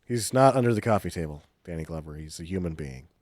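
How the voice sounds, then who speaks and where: Man, joking podcast co-host, animated pitch, dry close mic. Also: fast, no echo. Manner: joking, deadpan wisecracks. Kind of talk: casual movie riffing.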